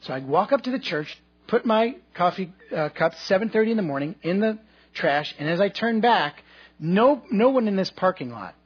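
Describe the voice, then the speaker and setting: A man's voice: sits high, very animated, normal speed, slightly rough, lo-fi sound. A man preaching a sermon to his congregation, telling a personal story in a conversational, humorous way with asides to the listeners. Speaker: pastor.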